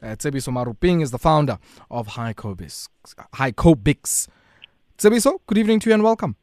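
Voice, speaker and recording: A man hosting an evening radio interview from a studio, talking with many uhs and pauses. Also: fairly high pitch, sing-song, darkish tone, no echo. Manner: hesitant, many filler words. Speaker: radio host.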